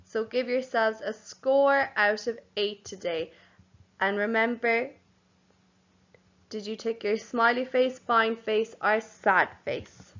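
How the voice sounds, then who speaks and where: Gently addressing her listeners as "boys and girls," a young primary teacher leads a home learning session for little kids, slow and clear, spelling out every word one letter at a time. She has a fairly high voice, captured on a somewhat dull, lo-fi recording.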